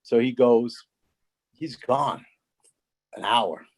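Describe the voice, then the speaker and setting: A man's voice: mid-range voice, very slow, darkish tone, rough recording. A man telling stories on a video call in a loose, rambling way, with many fillers and restarts. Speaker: former coaching colleague. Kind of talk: casual storytelling on a video call.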